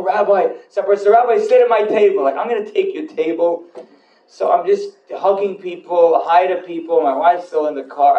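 A man, a rabbi, giving a sermon to an audience, telling a story in an animated way and building to emphatic repeated lines. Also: mid-range voice, echoey room, distant mic, highs cut off. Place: hall with audience.

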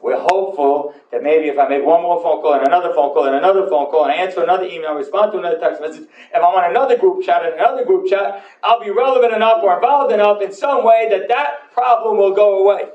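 Male rabbi, fairly high voice, animated storyteller building to emphatic refrains, recorded from afar in a roomy hall. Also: fast talker, few pauses, far from the mic, dull audio. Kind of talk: sermon with storytelling. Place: hall with audience.

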